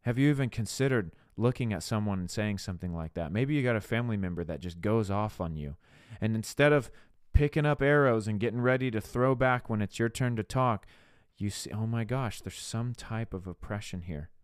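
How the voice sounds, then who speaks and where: A man's voice: on the low side, expressive, a little fast, smooth, dry recording, clean studio sound. A man preaching a podcast sermon, moving between earnest spoken prayer and urging his listeners on. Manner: earnest, exhorting, addresses listeners as guys.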